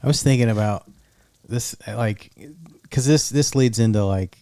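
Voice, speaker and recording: A man co-hosting a casual podcast, thinking out loud in a hesitant way with lots of fillers. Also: mid-range voice, measured pace, clear, resonant tone, no echo. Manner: musing, hesitant, lots of "like" and "you know". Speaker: podcast co-host.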